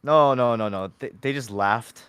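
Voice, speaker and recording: A man's voice: medium pitch, normal speed, fairly bright tone, clean tone, no room sound. A man co-hosting a casual chat, stammering and poking fun at himself. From Hawaii. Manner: stammering, self-mocking. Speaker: podcast co-host.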